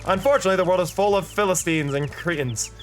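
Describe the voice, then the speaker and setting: A man's voice: sits high, quick pace, faint music behind, pitched above the performer's own voice, close to an everyday voice. A man voicing a pompous female bird mascot who sees herself as a star singer, speaking in a haughty, theatrical way. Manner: haughty, theatrical, putting on airs.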